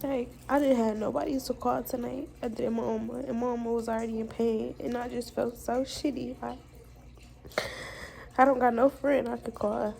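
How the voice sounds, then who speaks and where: A woman's voice: on the high side, little pitch movement, moderate pace, vocal fry, warm tone, poor audio. Frustrated young woman venting on her vlog. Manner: venting, frank and profane, Southern US slang. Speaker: vlogger. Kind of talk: personal vlog confession.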